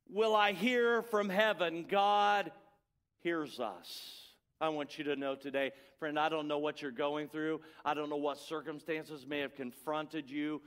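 A middle-aged man preaching a sermon as pastor, building emphatic repeated refrains and letting phrases fall away soft and quiet. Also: fairly high pitch.

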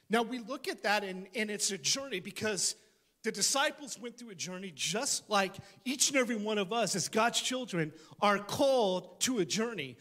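A man preaching a sermon as pastor before a church congregation, animated, with joking asides and frequent restarts. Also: sits high, normal speed.

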